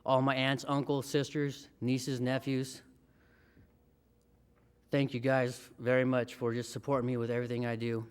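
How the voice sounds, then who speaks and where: A man's voice: mid-range voice, completely flat delivery, normal speed, clean tone. A man in his thirties giving a heartfelt, emotional acceptance speech as a hall of fame inductee.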